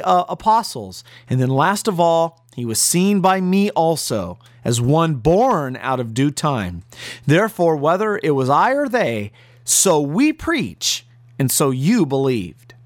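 Earnest preaching man, lively pitch. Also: no room sound, studio quality. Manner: earnest, emphatic preaching with slow stressed phrases. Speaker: pastor. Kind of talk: radio sermon.

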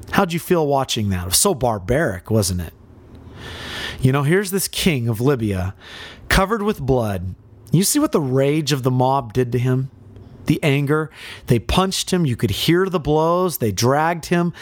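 A man's voice: mid-range voice, sing-song, unhurried. A man preaching a dramatic sermon as pastor, retelling scenes vividly and questioning his listeners directly. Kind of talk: expository sermon.

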